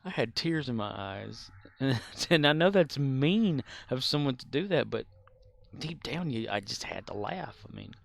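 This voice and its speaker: A talkative man rambles through casual chat while he streams a game, his voice edged with gravelly fry. He sits at a desk microphone, chuckling often as he jumps from story to story. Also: medium pitch, animated, unhurried. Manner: laughs often while talking.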